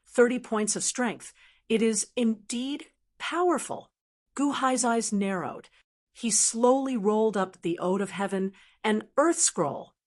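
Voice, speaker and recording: A woman narrating a fantasy novel audiobook at a mid pitch. Her reading is steady and even, with a scripted storytelling delivery.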